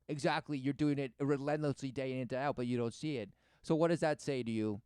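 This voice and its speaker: A man preaching over a clip in a rambling, sarcastic way, circling back to the same words again and again. His voice is smooth and resonant, recorded dry and close with no room around it. He keeps throwing out rhetorical questions and answering them himself. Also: mid-range voice, steady tone, fast talker, darkish tone, no room sound. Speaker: commentator reacting to a video. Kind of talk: rambling religious commentary.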